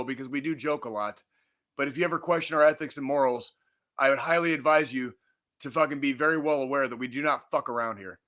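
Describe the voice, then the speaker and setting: A podcast co-host with a slightly high, sharp voice launches into a heated rant, furious and swearing nonstop. He repeats himself for emphasis and keeps restarting his sentences.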